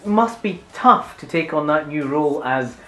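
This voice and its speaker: A man's voice: on the high side, expressive, moderate pace, pushed and bright. A man as interviewer in a comic mock interview, teasing in a mock-formal way. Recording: roomy room.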